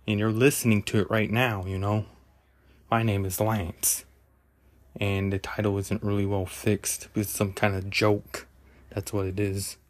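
A man hosting a solo podcast, rambling and halting, correcting himself and often dropping into a whisper. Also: fairly low pitch, little pitch movement. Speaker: podcast host.

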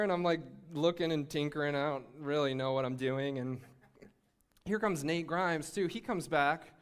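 A man preaches through a personal faith story with lively energy, often laughing and restarting his sentences. His voice sits a little higher than most men's. It has the rhythm of sermon-style storytelling. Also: normal speed, clean tone. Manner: animated, laughing, with frequent restarts. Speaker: speaker sharing a faith testimony.

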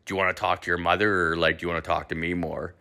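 A man's voice: medium pitch, expressive, moderate pace, sharp tone. A man putting on the voice of his mocking, dismissive drunk father. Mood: gruff.

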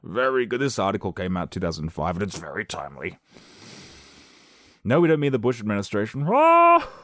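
Deep-voiced sarcastic man reading news. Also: darkish tone, no room sound, studio quality. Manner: sarcastic, rambling asides. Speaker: video host. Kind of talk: reading and reacting to weird news.

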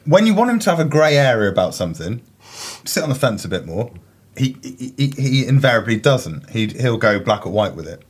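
Man, co-host, rambling comic storyteller, mid-pitched, self-interrupting. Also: big pitch swings, brisk, slightly rough. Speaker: podcast co-host. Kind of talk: casual comedic chat.

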